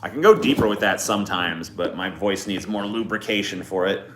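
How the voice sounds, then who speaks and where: A man's voice: low-pitched, fairly quick, slight background noise. A man hosting a casual livestream, laid-back and swearing often as he answers chat requests. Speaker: livestream host. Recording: echoey room with music behind.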